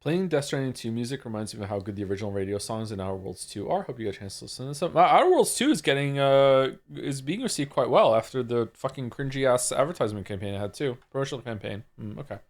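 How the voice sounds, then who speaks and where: A man's voice: mid-range voice, animated, fast talker, few pauses. A man streaming a game live, reading viewer chat aloud and answering it in a talkative, wry way.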